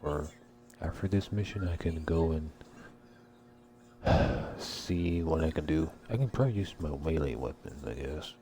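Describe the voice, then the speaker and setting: A man's voice: rumbling low, lively intonation, a little slow, warm tone, a little hiss or hum. A man giving casual let's-play commentary, rambling and crude, swearing a lot. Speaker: gameplay commentator. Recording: game music behind voice.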